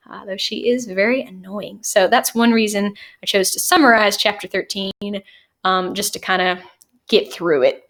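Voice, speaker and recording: A woman teacher talks through a novel for her class, easygoing and conversational. Her voice sits at an ordinary middle pitch and she enunciates each word clearly. She leans on "um" and "you know" as she goes. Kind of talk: casual classroom lecture and chapter summary.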